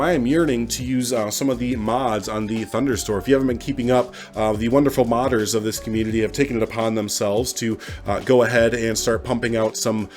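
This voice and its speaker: A man with a cold, hosting a gaming channel, rambling casually with lots of ums and uhs. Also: mid-range voice. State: stuffed up from a cold. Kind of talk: casual gameplay commentary. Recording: faint music behind the voice.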